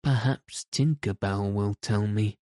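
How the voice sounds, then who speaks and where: A man voicing a puzzled, anxious young boy in a slow, low storybook reading. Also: darkish tone, dry recording, studio quality. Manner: boyish and uneasy.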